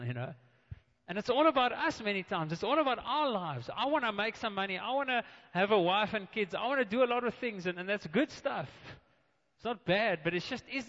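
A man with a high voice preaches a sermon and tells the story with animated delivery. He acts out the quoted voices and often restarts his words. The sound is muffled and carries a long hall reverb.

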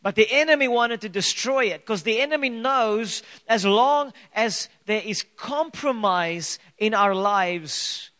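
A man preaching a sermon as pastor, earnest and emphatic, firing off rhetorical questions and slowing down to stress key phrases. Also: high voice, animated, bright, forceful tone.

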